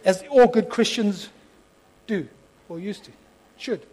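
Guy preaching, tells a story and acts out the lines, high raspy voice, goes quiet then loud. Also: slow, low-quality recording. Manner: lively storyteller, swings from soft asides to loud impassioned peaks. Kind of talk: storytelling sermon.

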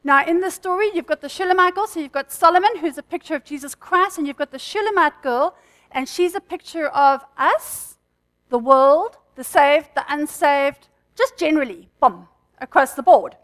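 Speaking fast in a high, rather bright voice, a woman leads a church group through a casual sermon, chatting with listeners and laughing between points.

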